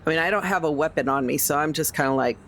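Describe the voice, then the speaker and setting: A man playing his character at a tabletop game. He answers in short, clipped lines, his voice sitting a little high. A faint hiss runs behind him. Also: very fast, a bit bright. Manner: terse, first-person in-character talk. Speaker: player.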